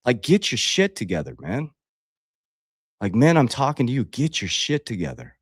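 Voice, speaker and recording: A life coach on a livestream talks at normal speed in a husky, medium-pitched voice with big pitch swings. He swears freely and confronts his viewers bluntly, calling them "guys" during the motivational talk. The sound is clean studio audio with no room sound.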